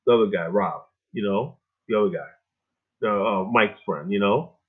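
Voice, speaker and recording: A man's voice: lowish voice, normal speed. An older man from Virginia hosting a casual on-air talk show, blunt and profane, rambling with many fillers. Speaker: host. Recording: phone-like narrow band.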